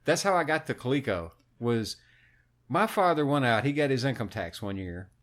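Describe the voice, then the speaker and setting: Profane, animated male storyteller. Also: medium pitch, moderate pace. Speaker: podcast co-host. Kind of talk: casual chat.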